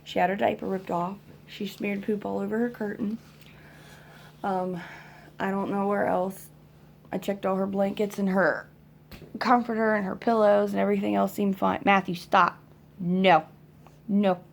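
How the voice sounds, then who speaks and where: A mother venting about her kids in a rambling, halting way, exhausted, with lots of fillers, at home. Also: mid-range voice, level tone, gravelly, darkish tone, a little hiss or hum.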